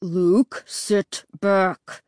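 A woman's voice: a little high, lively intonation, normal speed, a little mellow, no echo, studio quality, close to an everyday voice. A woman reading a children's story aloud and voicing an irritable father who snaps at his kids from the driver's seat. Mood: snappish. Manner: snappish, grumbling. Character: irritable harried father driving the family car. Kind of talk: audiobook reading.

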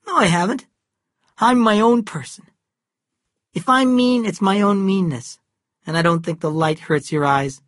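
A man's voice: sits high, animated, normal speed, few pauses, fairly bright tone, breathy edge, no echo, studio quality, voice pushed up, heavily acted. A narrator voicing a defiant teenage boy who talks back indignantly in an audiobook. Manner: raised, indignant. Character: defiant teenage boy confronting his mother. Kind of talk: audiobook character voice.

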